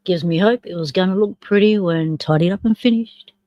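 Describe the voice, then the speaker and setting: A woman hosting a live stream in casual chat. She talks to herself as she runs the stream software and comments along with a video. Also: medium pitch, fairly quick, no echo, dull audio.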